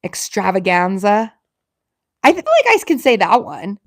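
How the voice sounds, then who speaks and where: A woman with a Southern Alabama accent, chatting casually with viewers on a livestream. She talks quickly, running her words and sounds together. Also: a little high, huge pitch swings, slightly rough, no echo, studio quality. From Alabama, USA. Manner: chatty and self-deprecating. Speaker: livestream host. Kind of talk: casual live-stream chat with viewers.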